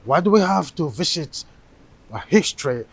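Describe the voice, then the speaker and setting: Casting: a defensive Nigerian noble, gravelly and husky, lively pitch. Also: male voice, normal speed, no echo, full character voice. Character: defensive royal brother-in-law, puzzled.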